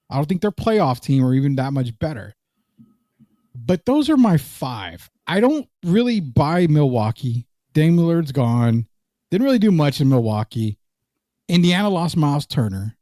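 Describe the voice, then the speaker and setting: A relaxed man co-hosts a sports talk show in a loose, joking way. He reads viewer comments aloud between takes on the league. The sound is dry and close, with no room around it. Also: fairly high pitch, a little slow, dry recording. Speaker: podcast co-host. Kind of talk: casual sports podcast chat.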